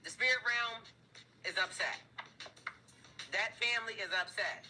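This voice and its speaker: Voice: medium pitch, a little slow, sharp tone, rough recording. A tarot reader giving a casual, blunt reading to viewers, swearing freely, laughing, and getting heated as the cards turn up. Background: background music.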